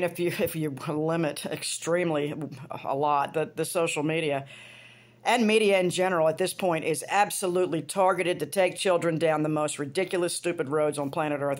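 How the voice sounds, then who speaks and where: A middle-aged woman holding forth in a loose, rambling monologue. She is blunt and swears freely, jumping from one thought to the next in a casual, unscripted way. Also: fairly low pitch. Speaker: hairdresser and vlogger.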